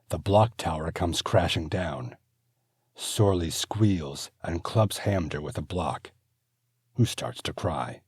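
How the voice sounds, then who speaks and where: A man narrating his own fantasy audiobook in a steady, measured manner. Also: a bass voice, husky, no room sound, clean studio sound. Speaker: author and narrator.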